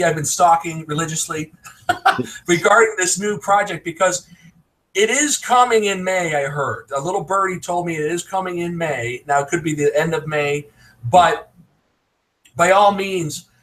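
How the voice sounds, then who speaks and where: American guy on a video call, kinda high voice, pushy advice, laughs a lot. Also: a little slow, fairly bright tone, poor audio. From United States. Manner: emphatic, advice-giving, laughs often. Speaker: online business promoter. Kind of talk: casual live video chat.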